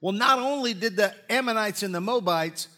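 A man preaching a sermon in a church, folksy and joking, often clearing his throat. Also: high voice, normal speed, sharp tone, slight background noise. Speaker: pastor. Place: church sanctuary with congregation. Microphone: live-streamed stage mic.

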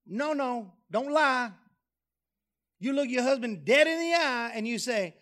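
A man preaching a sermon, lively and humorous, dropping low and soft on key phrases. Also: unhurried. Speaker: pastor. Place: church sanctuary.

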